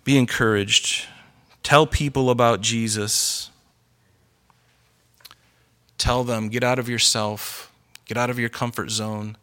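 A middle-aged man preaching a sermon in an earnest, conversational storytelling way, growing animated as he goes. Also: medium pitch, slow, long pauses. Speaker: pastor.

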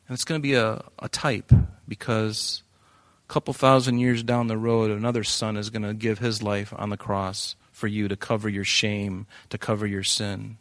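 A man preaching a sermon as a pastor, animated and conversational with playful asides. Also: medium pitch, normal speed, dry recording.

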